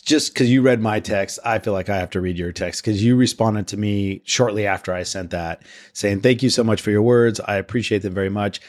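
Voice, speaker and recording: Animated man telling a story. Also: on the low side, fairly quick. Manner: animated storytelling, mimics voices. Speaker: podcast co-host. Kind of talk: casual podcast conversation.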